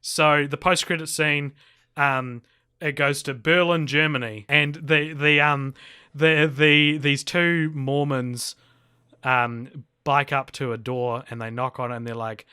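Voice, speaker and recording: A man's voice: mid-range voice, steady tone, a little slow, sharp tone, smooth. A man co-hosting a podcast, recapping a horror film in rambling casual chat with fillers and restarts. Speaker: podcast co-host.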